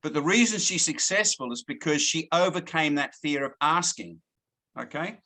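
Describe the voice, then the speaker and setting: A man's voice: fairly high pitch, lively intonation, normal speed, bright, forceful tone. A man giving a sales training talk to a team, often stopping to check in with "okay?" and repeating words as he goes. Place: lives in Thailand, now in Australia.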